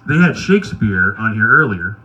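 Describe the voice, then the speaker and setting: A man's voice: fairly low pitch, normal speed, a little hiss or hum. Lo-fi wry stand-up man. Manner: wry, deadpan anecdotes with crude asides. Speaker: stand-up comedian. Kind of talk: stand-up storytelling at an open mic.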